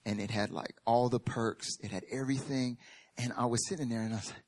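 A man preaching a sermon as a pastor. He tells a personal story with humor and emphatic repetition, and sometimes drops to a quiet, earnest tone. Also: medium pitch, steady tone, a little fast.

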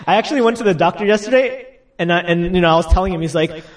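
Young guy preaching, kinda high voice, laughs a lot, mic a bit far off. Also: fast. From United States. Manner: chatty, laughing asides, acts out quotes. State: getting over a cold. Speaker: pastor. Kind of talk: casual sermon.

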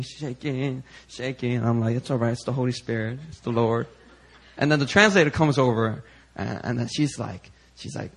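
A man preaching, telling a chatty testimony in an animated, storytelling way with lots of fillers. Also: medium pitch.

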